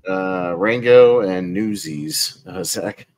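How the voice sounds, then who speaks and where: A man's voice: low-pitched, slow, a little mellow, faint music behind. A man hosting a casual movie-tournament panel, blunt and profane, often laughing as he calls for votes. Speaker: podcast host running a movie tournament.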